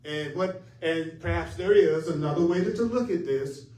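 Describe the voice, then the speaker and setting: A man's voice: a little high, moderate pace, a little mellow. Earnest man teaching, echoey and distant. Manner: earnest, emphatic, repetitive. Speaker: spiritual teacher. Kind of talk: teaching a class. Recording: echoey room from far off, faint ambience.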